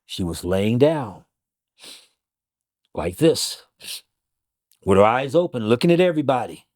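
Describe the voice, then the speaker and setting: Animated man telling a story. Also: medium pitch, brisk. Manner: animated, repeats phrases, acts out quotes. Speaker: interview guest. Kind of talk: emotional storytelling.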